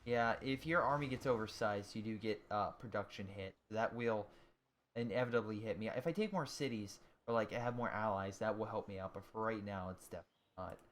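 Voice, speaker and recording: A man's voice: fairly low pitch, brisk. A man doing casual commentary over his strategy game, thinking aloud with fillers and restarts and reacting with groans and cheers. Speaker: gaming video host. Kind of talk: casual let's-play commentary. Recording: steady audible background noise.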